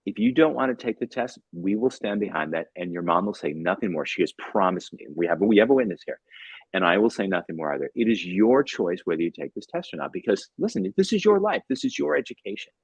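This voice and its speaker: A man in his fifties speaks as a podcast guest with a lowish, husky voice. His pitch swings widely as he tells stories and acts out bits of dialogue. The sound is dry and close, with no room around it. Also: quick pace, no room sound, lo-fi sound. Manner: animated storyteller, acts out dialogue, repeats words. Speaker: guest, tutor and author. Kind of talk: casual podcast storytelling.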